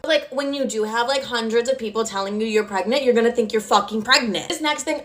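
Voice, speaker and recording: A young woman in her twenties telling a casual storytime vlog, brash and profane, filling her talk with "like". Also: fairly high pitch. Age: 20s. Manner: brash, profane, chatty with lots of "like". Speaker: storytime creator.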